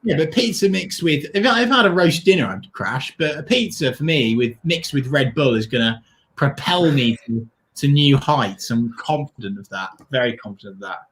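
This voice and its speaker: A man co-hosting a long charity livestream, talking in an excitable, gushing way and thanking donors warmly, worn out from the long hours. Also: medium pitch, moderate pace, poor audio. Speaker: livestream co-host. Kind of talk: casual livestream chat.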